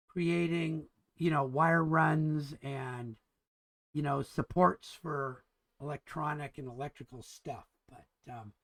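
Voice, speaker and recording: A man's voice: fairly high pitch, a bit bright. A man teaching an engineering drafting class in a casual, chatty lecture, enthusiastic and rambling with frequent restarts. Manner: enthusiastic and chatty, keeps calling things cool.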